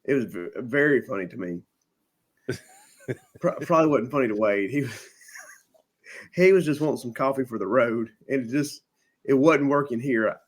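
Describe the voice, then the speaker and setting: A man's voice: medium pitch, normal speed, long pauses. A man hosting a podcast, casually telling a long funny story and mimicking the people in it. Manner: animated anecdote teller, mimics people he quotes. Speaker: podcast host.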